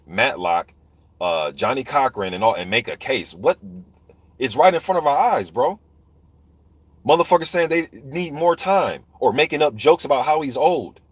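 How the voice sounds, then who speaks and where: A man's voice: medium pitch, breathy edge, dry recording. A man ranting heatedly and profanely about boxing, talking straight to viewers in a live chat. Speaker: boxing commentator. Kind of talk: ranting live stream commentary.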